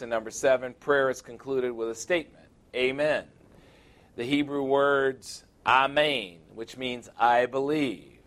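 A man preaching to his class on a body microphone, teaching with joking asides and slowing down for emphasis. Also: medium pitch. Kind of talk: sermon. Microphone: wireless body microphone.

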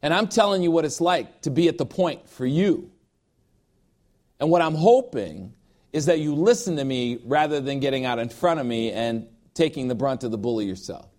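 A man's voice: medium pitch, lively intonation, moderate pace, darkish tone. Emphatic man preaching a sermon. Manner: emphatic, emotional preaching with personal asides; repeats phrases for emphasis. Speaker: pastor.

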